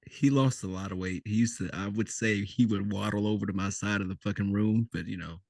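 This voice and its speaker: A man in his thirties co-hosting a podcast, joking and swearing freely as an animated storyteller. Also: fairly low pitch, a little fast, creaky, no echo, studio quality. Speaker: podcast co-host, army veteran. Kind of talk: casual chat.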